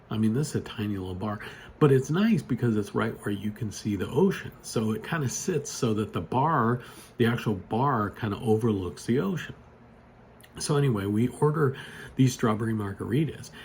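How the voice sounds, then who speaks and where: A man with a fairly low, slightly mellow voice and vocal fry tells a story in a casual, rambling way, full of "you know" and restarts. This storyteller vlogger is recorded on a phone at a home desk with computer monitors, with slight background noise.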